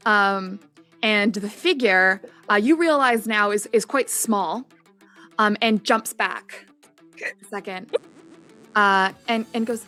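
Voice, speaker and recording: A woman's voice: mid-range voice, sharp tone, soft background music. A woman narrating as game master of a tabletop game stream, chatty and full of ums. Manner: chatty, lots of ums, quick asides.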